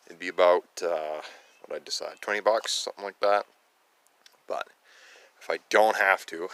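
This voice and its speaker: A man's voice: low voice, vocal fry, pushed and bright. A man chatting casually in a folksy, rambling way as he tells a story for his vlog. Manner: folksy, rambling, retells conversations. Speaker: channel host, chainsaw restorer.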